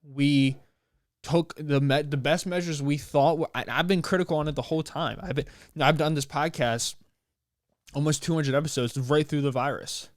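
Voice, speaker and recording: A man's voice: on the high side, normal speed, no room sound, studio quality. Rambling, slangy man podcaster. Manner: rambling, animated, slangy, with playful put-on voices. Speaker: podcast host. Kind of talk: casual solo podcast monologue.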